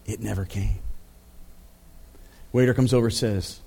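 A man's voice: lowish voice, moderate pace, gravelly, warm tone, breathy edge. A male pastor preaching a sermon in a conversational storytelling way, with frequent fillers and asides to the congregation.

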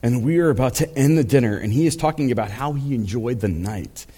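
Male pastor, mid-pitched, casual storytelling sermon delivery full of fillers. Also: a little fast, dark tone, husky. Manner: conversational storytelling with frequent fillers and laughs.

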